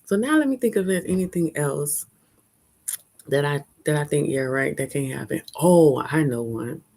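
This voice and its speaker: A chatty woman talks candidly to her live-stream viewers. Her voice sits low for a woman, and she laughs often as she goes. She is recorded outdoors on a phone held at arm's length. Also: animated, moderate pace, creaky, darkish tone. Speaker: vlogger hosting a live stream. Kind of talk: casual live-stream chat. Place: outdoors at a fair.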